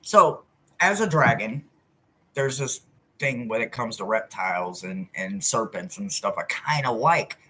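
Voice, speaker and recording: Animated, blunt woman chatting with viewers. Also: extremely low pitch, measured pace, breathy edge. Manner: animated and blunt, swings from loud to soft, swears freely. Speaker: host and spiritual reader. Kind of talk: casual livestream chat with viewers.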